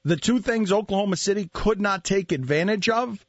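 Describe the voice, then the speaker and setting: A man hosting a sports talk radio show, talking in an animated way with laughs and mock outrage. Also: high-pitched, normal speed, dry recording, dull audio. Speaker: host.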